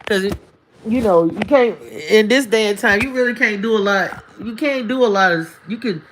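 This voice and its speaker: Woman streamer, mid-pitched, casual and preachy, hammering her points home on a live stream. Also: normal speed, slight background noise. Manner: emphatic, preachy, colloquial with folksy asides. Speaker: spiritual live-streamer giving advice. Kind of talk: casual livestream monologue. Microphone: single mic on a livestream.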